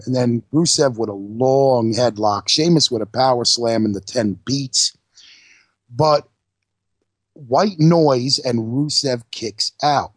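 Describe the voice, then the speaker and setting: A man's voice: mid-range voice, dry recording. A man co-hosting an internet radio show, recapping wrestling in loose, profane casual chat. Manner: loose, profane, narrating play-by-play. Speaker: podcast co-host.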